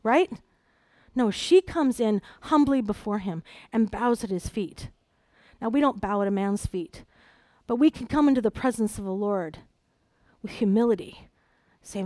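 A middle-aged woman preaching a sermon, animated, moving between hushed personal storytelling and loud, emphatic exhortation. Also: mid-range voice, unhurried, no room sound.

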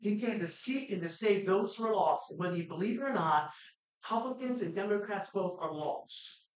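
A woman pastor preaching a sermon, swinging between fervent shouts and quiet, low asides. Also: moderate pace. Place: church sanctuary. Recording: very echoey hall, mic far off.

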